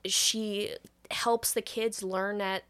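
A woman's voice: medium pitch, very slow, smooth. A woman podcast co-host retelling a movie plot in casual chat, swearing freely and quoting characters as she goes. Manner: profane, animated recap with quoted voices.

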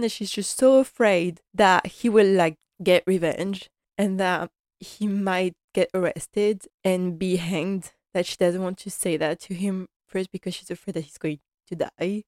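A woman's voice: medium pitch, a little mellow, dry recording, studio quality. A woman giving a casual, impassioned and rambling recap of a TV episode.

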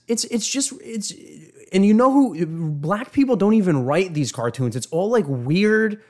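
A man's voice: sits high, expressive, measured pace, hardly any pauses, warm tone. A man hosting an opinion commentary on video clips, indignant and emphatic, often stumbling and repeating words. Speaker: show host.

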